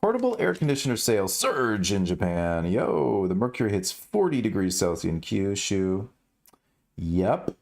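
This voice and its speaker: Man, low gravelly voice, lively pitch, casual rambling news riffs, jokey. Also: normal speed. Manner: rambling, self-correcting, jokey. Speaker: streamer reading news. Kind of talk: casual livestream news commentary.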